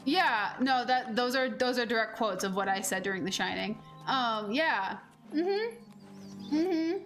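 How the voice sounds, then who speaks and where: A woman in her twenties streaming a game, chatting in a rambling, animated way with lots of fillers and casual swearing. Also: a little high, a little slow, faint music behind. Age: 20s. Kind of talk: casual gameplay chat.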